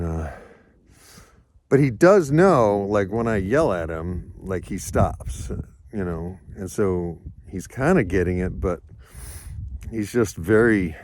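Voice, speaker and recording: A man's voice: sits low, a little mellow, slight background noise. A man, a sheep farmer, talking in a rambling, reflective vlog monologue outdoors on a snowy farm, now and then calling to his dogs.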